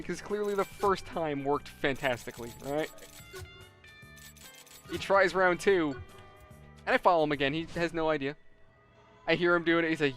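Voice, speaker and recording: A man's voice: a little high, moderate pace, long pauses, a bit bright, soft background music. A man hosting a gaming video, telling a story in casual chat with lots of laughter and voiced quotes. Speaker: let's play host.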